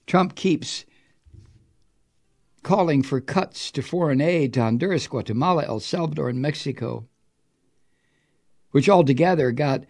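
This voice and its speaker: A man's voice: mid-range voice, darkish tone. A man hosting political commentary, angry and sarcastic, swearing freely as he reads and mocks the news. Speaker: host. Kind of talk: political commentary talk show.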